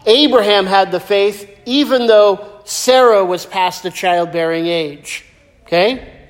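Man, pastor, sermon, high voice, joking storyteller, long echoing hall. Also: slow pace. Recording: echoey hall with long reverb.

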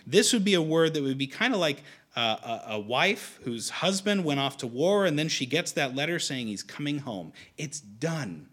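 Lively, bright-voiced man preaching. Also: fairly high pitch, normal speed, few pauses. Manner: conversational, with frequent restarts and fillers. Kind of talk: sermon.

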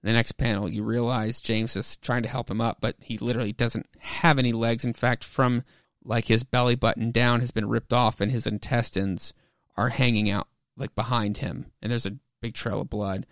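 A man's voice: mid-range voice, flat delivery, normal speed, no room sound. A man hosting a podcast, casually recapping a comic book in a rambling way with lots of fillers and swearing. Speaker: podcast host.

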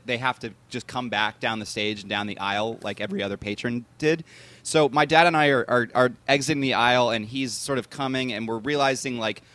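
A man's voice: medium pitch, a bit bright. A young man chatting casually as a podcast co-host, telling rambling anecdotes full of fillers and restarts. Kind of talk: casual chat.

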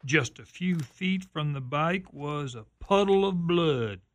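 Slow-spoken male narrator. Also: a little high, lively intonation. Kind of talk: scripted drama narration.

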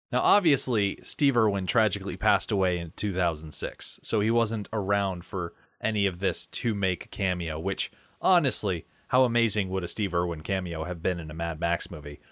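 A man co-hosting a podcast, chatting casually about a movie with wry, lively storytelling and tangents. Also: low voice, moderate pace, few pauses, dry recording. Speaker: podcast co-host.

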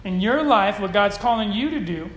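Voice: medium pitch, animated, moderate pace. Roomy-sounding casual preacher. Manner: conversational preaching with casual slang, swinging loud and soft. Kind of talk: sermon. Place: church hall with a congregation. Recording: roomy hall echo.

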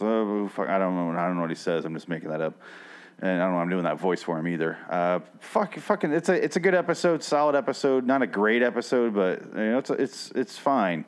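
A man's voice: lowish voice, animated, fairly quick. A man hosting a podcast, recapping an episode in casual, rambling chat full of swearing. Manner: rambling and sweary, with frequent restarts. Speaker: podcast host.

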